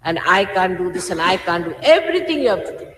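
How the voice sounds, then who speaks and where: A woman's voice: fairly low pitch, sing-song, quick pace, a bit bright. An older woman, a spiritual teacher, addresses her followers informally, scolding them emphatically and repeating her points. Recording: echoey hall, faint hiss, archive tape.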